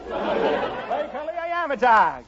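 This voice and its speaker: A man's voice: very high voice, heavily acted. An actor playing a hearty, chuckling Irish policeman turned setter dog, with a put-on Irish brogue, in 1940s radio comedy. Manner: hearty, chuckling, flirtatious blarney. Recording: noisy, muffled 1940s radio recording.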